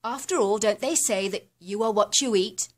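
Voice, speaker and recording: A woman reading a first-person horror story aloud in a steady, descriptive storytelling manner. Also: mid-range voice, normal speed. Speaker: narrator.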